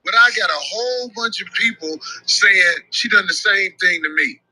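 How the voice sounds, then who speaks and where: A man on a podcast ranting bluntly, full of profanity and animated delivery. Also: sits high, moderate pace, dry recording, rough recording. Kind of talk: heated podcast rant.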